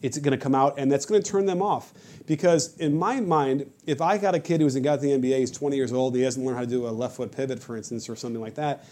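Fast-talking man with a dark voice. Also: mid-range voice. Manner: rapid, animated storytelling with many restarts. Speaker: podcast guest, basketball coach and creator. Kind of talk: casual podcast conversation.

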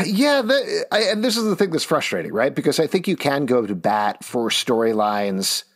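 A man co-hosting a podcast, giving an animated, opinionated recap of a TV episode with sarcastic asides. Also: mid-range voice, moderate pace. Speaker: podcast co-host. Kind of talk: casual TV recap chat.

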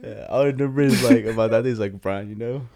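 A man's voice: mid-range voice, quick pace, warm tone, no echo, clean studio sound. A young man in casual chat with a friend, talking in a laid-back, slangy way and often trailing off.

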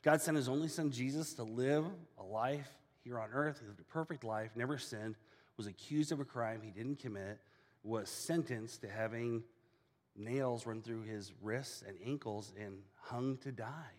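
A man preaching a sermon as a casual, animated storyteller. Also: medium pitch, normal speed, long reverb tail. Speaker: pastor.

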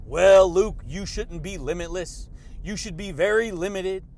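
Man doing a dismissive inner critic who lectures, fairly high voice. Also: unhurried, creaky, a little mellow. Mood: scolding.

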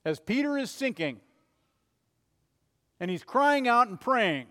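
A man preaching a sermon in an earnest way, rising to urgent appeals and falling to soft, low passages. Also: very animated, slow pace, long reverb tail. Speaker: pastor.

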